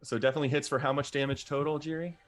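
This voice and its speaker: A man narrating as game master of a tabletop game, giving calm, measured rulings with frequent fillers. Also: on the high side, soft background music.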